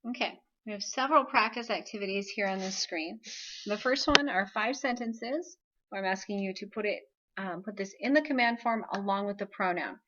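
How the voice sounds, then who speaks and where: In a recorded video lesson, a Spanish teacher with a bright, forceful, medium-pitched voice explains things step by step at a moderate pace, often checking in with "okay?". The audio is dull and lo-fi.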